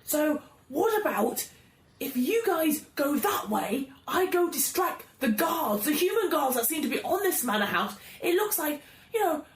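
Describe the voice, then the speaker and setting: A woman hosting a tabletop role-playing podcast, narrating her goblin's actions with an animated, giggly manner. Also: sits high, measured pace, reverberant. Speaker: podcast host and player.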